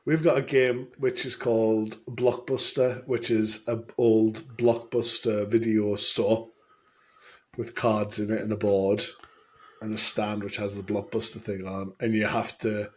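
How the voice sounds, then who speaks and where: A man's voice: fairly low pitch, level tone, a little slow. A man co-hosting a casual beer podcast, chatting with many restarts and bursts of laughter. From Scotland. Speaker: podcast co-host. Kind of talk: casual chat.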